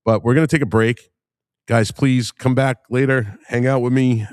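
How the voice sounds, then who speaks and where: A man's voice: medium pitch, fairly even intonation, moderate pace, darkish tone, clean tone, no room sound, studio quality. A man hosting a live stream, chatting casually and telling loose, profane stories to his viewers. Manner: loose, rambling and profane storytelling. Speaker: livestream host. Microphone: streaming microphone.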